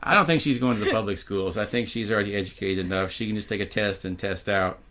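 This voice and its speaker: A man with a fairly low voice retelling a movie plot on a podcast. He talks in an easygoing, unhurried way, stringing scenes together with casual asides. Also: a bit bright. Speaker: podcast co-host.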